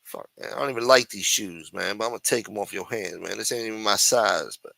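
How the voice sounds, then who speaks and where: A man's voice: on the low side, fast, gravelly, pushed and bright, no echo. A man voicing a menacing male prison inmate who bullies a newcomer with profane, taunting street talk.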